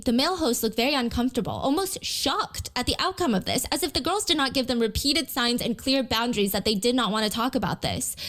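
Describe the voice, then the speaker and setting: A woman's voice: fairly high pitch, fairly bright tone. A woman narrating a story video in an explanatory tone, with commentary woven in. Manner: explanatory, acts out quotes.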